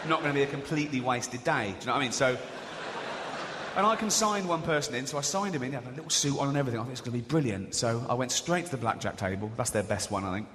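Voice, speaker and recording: A man's voice: medium pitch, animated, rapid-fire, noisy background. A middle-aged man doing a stand-up comedy routine, telling crude, sarcastic, self-mocking stories to a theatre audience. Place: large theatre stage with audience. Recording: live hall recording with loud audience. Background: audience laughter.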